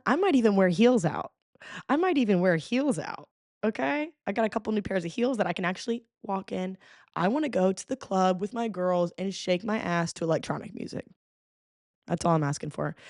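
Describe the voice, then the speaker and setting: A woman's voice: on the low side, lively intonation, normal speed, a little mellow, dry recording, clean studio sound. A young woman hosting a casual solo podcast, playful and dramatic, humming bits of songs. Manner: playful, dramatic, hums and sings along to songs. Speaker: podcast host.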